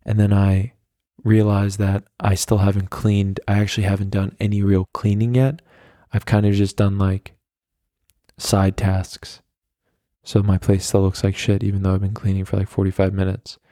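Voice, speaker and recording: A man's voice: deep voice, monotone, normal speed, dark tone, no echo, clean studio sound. A young man hosting a solo podcast, talking casually and rambling in a self-deprecating way, with lots of fillers. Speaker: podcast host.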